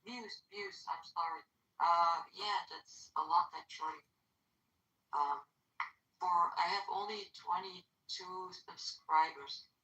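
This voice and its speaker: A woman's voice: fairly low pitch, takes it slowly, pushed and bright. Hesitant woman on an echoey distant call. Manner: hesitant, full of fillers. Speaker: caller in an audio chat room. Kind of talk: casual group chat.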